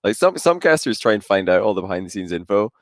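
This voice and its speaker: A man's voice: on the low side, big pitch swings, fast, no echo, studio quality. A man co-hosting a podcast, chatting casually and joking with frequent laughs. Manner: jokey, laughs often. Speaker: podcast co-host. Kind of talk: casual chat.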